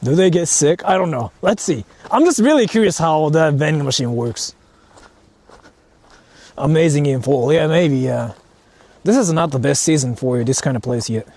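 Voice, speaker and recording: A man's voice: a little high, animated, moderate pace, darkish tone, no room sound. A man from Japan livestreaming outdoors in the mountains, rambling casually with slang and swearing. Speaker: streamer.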